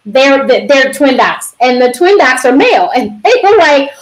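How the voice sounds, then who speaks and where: High-voiced, animated woman storyteller. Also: normal speed, few pauses, poor audio. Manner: animated storyteller, laughs often. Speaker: doctor on a panel. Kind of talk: personal storytelling on a panel.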